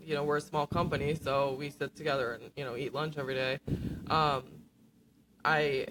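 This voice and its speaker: A woman guest on a radio interview, talking earnestly with many pauses and fillers. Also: sits low, fairly even intonation, very noisy. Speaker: award-winning student scriptwriter guest. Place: radio studio.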